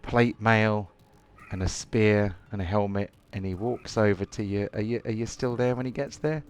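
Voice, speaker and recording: A man's voice: fairly low pitch, steady tone, normal speed, smooth. A man running a tabletop game as game master, chatty and full of hesitant fillers. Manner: chatty, hesitant, lots of ums. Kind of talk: casual tabletop game narration.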